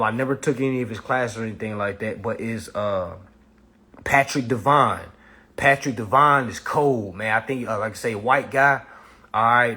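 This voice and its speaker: A man teaching and mentoring, talking casually to his viewers in a blunt, profane, animated way. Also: mid-range voice, slightly rough. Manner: blunt, profane, animated, keeps saying "all right".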